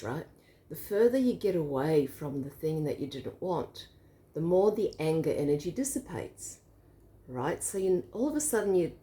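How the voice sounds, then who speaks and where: A woman's voice: deep voice, warm tone. A woman in a casual bedtime chat, explaining an idea through a visual demo and laughing easily. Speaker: co-host.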